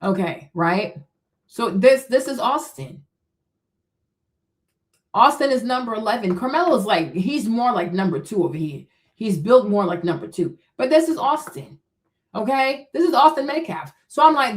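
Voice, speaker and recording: A woman's voice: fairly high pitch, lively intonation, normal speed. A woman hosting a livestream, giving heated, blunt, profane commentary and talking back to her chat. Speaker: livestream host.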